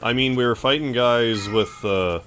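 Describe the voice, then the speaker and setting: A man with a Canadian accent streaming a game, chatting casually and thanking viewers with excitable outbursts. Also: medium pitch, normal speed, a little hiss or hum. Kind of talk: casual gameplay commentary, thanking chat.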